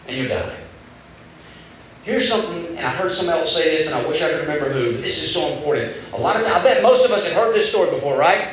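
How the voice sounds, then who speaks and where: A man preaching a casual, animated sermon, retelling scripture in everyday talk. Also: fairly high pitch, quick pace, a little hiss or hum. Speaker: youth pastor. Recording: echoey hall from far off.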